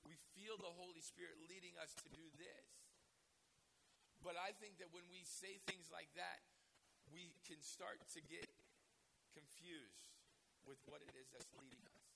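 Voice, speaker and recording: A hoarse man with a raspy voice preaching a sermon, emotional and given to repeating words as he starts a phrase. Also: on the high side, steady tone, a little slow, background noise. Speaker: pastor.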